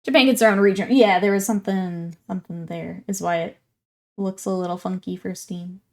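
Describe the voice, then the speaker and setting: A woman's voice: lowish voice, steady tone, a little fast, darkish tone. A woman in her twenties chatting casually with stream viewers while working on a hobby project, laughing often and welcoming people in. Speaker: livestreamer.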